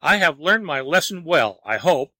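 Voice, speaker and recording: A man's voice: fairly high pitch, sing-song, normal speed, bright, forceful tone, no echo, full character voice. A man voicing a frantic, lazy storybook man who wails and begs to be scolded. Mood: grateful. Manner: wailing, begging.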